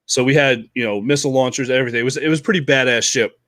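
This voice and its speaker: A man co-hosting a casual podcast, telling Navy stories in a profane, animated way and acting out shouted quotes. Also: mid-range voice, very fast, no room sound. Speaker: podcast co-host, Navy veteran. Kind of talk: casual storytelling chat.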